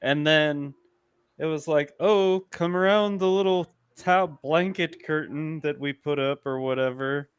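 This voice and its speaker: A man's voice: on the high side, measured pace, smooth, no echo. A young man chatting casually on a stream, telling a story in a laid-back, crude way. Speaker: guest on stream.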